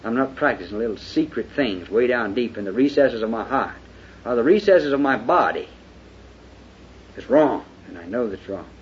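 A man preaching a sermon in a folksy way, dropping to hushed confession and then rising to fervent shouting. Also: medium pitch, expressive, moderate pace. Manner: folksy, with lots of "you know". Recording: dull lo-fi recording with faint hiss.

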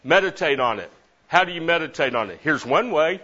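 A middle-aged man teaching a Bible class, lively and repeating verses while stressing different words. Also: a little high, brisk. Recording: dull lo-fi recording.

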